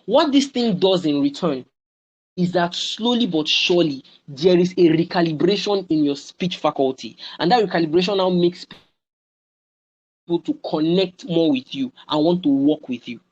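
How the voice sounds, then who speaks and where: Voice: mid-range voice, moderate pace, highs cut off. A young adult with a Nigerian accent giving a motivational webinar talk, repeating phrases and often checking in with the listeners. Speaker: webinar speaker.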